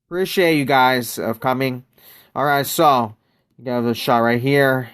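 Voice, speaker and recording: A man's voice: medium pitch, a little slow, fairly bright tone, smooth. An American man chatting casually on a live game stream, greeting viewers by name and wandering through loose, rambling asides. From United States.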